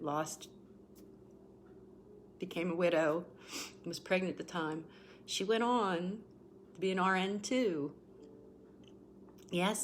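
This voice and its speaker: A woman's voice: lowish voice, a little hiss or hum. A woman in her forties giving an emotional, repetitive tarot reading on a livestream, greeting viewers by name as she talks. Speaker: tarot reader.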